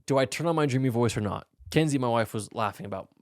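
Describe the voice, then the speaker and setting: In a casual Q&A on his podcast, a young adult man fields listener questions frankly and easily, speaking at a quick pace in a low, gravelly voice. The sound is clean studio audio with no echo.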